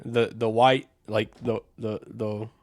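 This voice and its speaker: Man, podcast co-host, lowish voice, hesitant, restarts, dry sound. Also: level tone, slow, no echo. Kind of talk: casual chat.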